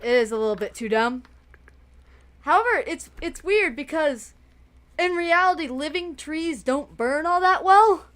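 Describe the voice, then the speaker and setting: High-voiced woman chatting, amused. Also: lively intonation, measured pace, fairly bright tone. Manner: amused, teasing, explains things. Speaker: co-commentator beside the player. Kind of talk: casual chat.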